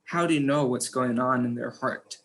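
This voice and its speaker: A man's voice: mid-range voice, normal speed, fairly bright tone. A man hosting a webinar, polite and hesitant, with many fillers. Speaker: webinar host. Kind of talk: moderating a webinar.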